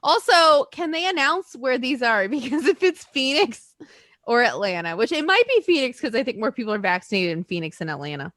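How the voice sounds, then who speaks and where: A chatty woman talking in a fairly high, very animated voice, rambling loosely from one thing to the next. The sound is close and dry, with no room around it. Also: a little fast, no echo. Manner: chatty, rambling, laughs often. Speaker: podcast co-host. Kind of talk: casual chat.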